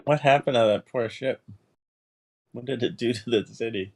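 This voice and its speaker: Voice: medium pitch, moderate pace, gravelly, darkish tone. A player in a tabletop game, musing casually and laughing often.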